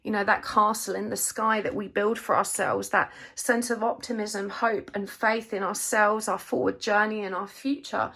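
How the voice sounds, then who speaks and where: A woman giving a gentle, reassuring tarot reading, emotional at times. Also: mid-range voice, steady tone, normal speed, gravelly, hardly any pauses, husky. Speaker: tarot card reader. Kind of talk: gentle spiritual reading to camera.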